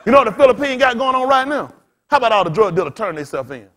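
This man preaches a storytelling sermon as a pastor, blunt, street-talking and cussing freely. His voice is extremely high with big pitch swings, and he talks rapid-fire, laughing as he lurches between loud bursts and quiet asides.

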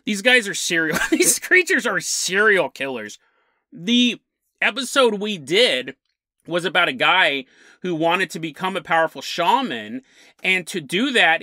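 A man's voice: high-pitched, bright, forceful tone, no echo. A man hosting a paranormal podcast, telling a story with lots of energy and chuckling mid-sentence. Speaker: podcast host.

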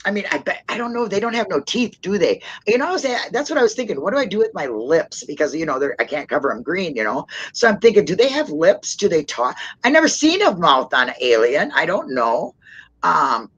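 A woman hosting a casual livestream chat, rambling and calling herself a loudmouth. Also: fairly low pitch, big pitch swings, a little fast, slightly rough, muffled recording. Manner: rambling, self-described loudmouth, laughs often. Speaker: stream host.

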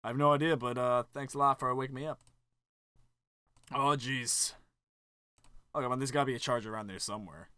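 A man joking through gameplay commentary, reading the game's lines aloud and jumping between loud outbursts and mumbled asides. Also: mid-range voice, clear, resonant tone, dry recording. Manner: goofy, jokey, quick swings from loud to mumbled. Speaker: let's play commentator.

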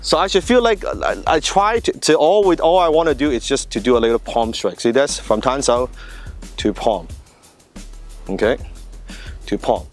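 A man's voice: mid-range voice, normal speed, pauses often. A man coaching a partner drill while demonstrating it, walking through each movement step by step. He keeps checking in with short questions to the viewer. Faint music plays underneath. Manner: explains step by step, checks in with "right?" and "see that?". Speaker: martial arts instructor. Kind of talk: hands-on demonstration lesson.

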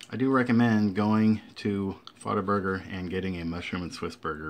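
A man's voice: low voice, expressive, moderate pace, hardly any pauses, a little hiss or hum. A man casually reviewing a burger in his home kitchen, chatting into the camera while he eats. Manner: chatty, eating while talking. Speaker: food vlogger. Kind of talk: casual food review vlog. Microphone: webcam or camera facing the speaker.

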